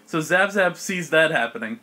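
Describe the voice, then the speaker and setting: A young man runs a tabletop game as its narrator, describing the action in quick, animated bursts. His voice sits a little high and has a bright, forceful edge. He laughs often as he goes. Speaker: game master.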